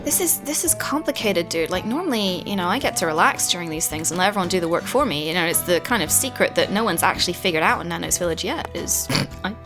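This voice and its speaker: A woman's voice: on the low side, animated, fast. A British woman hosting a casual video game chat, playful and teasing. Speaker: video game channel host. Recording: music in the background.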